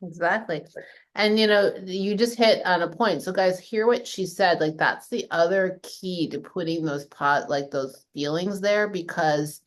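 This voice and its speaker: Casual low-voiced woman coaching a group. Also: a little slow. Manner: casual, swears freely, leans on "like". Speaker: fitness coach leading a group call.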